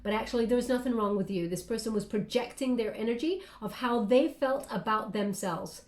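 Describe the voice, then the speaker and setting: A woman's voice: fairly high pitch, fairly quick, darkish tone. A woman giving a spiritual guided reading straight to the listener, soothing and reassuring, talking in loose phrases with frequent fillers. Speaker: psychic reader. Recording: roomy echo.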